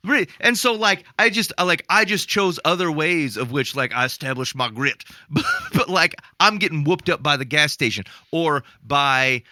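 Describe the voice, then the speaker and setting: A man's voice: on the high side, animated, moderate pace, hardly any pauses, bright, forceful tone, no room sound. A man co-hosting a faith podcast, chatting casually and earnestly, with many restarts. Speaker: podcast co-host. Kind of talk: casual chat.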